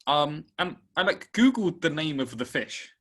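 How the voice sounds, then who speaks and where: Young man telling a story, raised pitch. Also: a little slow. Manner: animated storyteller acting out both sides of a conversation. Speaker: podcast co-host. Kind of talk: casual chat.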